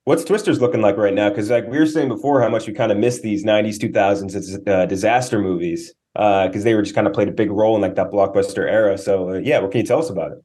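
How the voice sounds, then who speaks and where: A man's voice: lowish voice, fast talker, hardly any pauses, warm tone. A man co-hosting a movie podcast, chatting in a laid-back, joking way. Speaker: podcast co-host. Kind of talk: casual chat.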